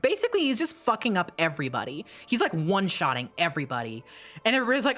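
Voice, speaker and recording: A woman streamer casually retelling a story, animated and swearing, with quick asides and restarts. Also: lowish voice, soft background music.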